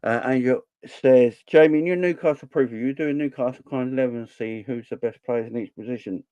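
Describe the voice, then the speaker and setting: A man's voice: medium pitch, fairly quick, dark tone, no echo, muffled recording. A man in his forties from southern England, hosting a casual live stream and chatting back to viewer comments. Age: 40s. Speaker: fan channel host.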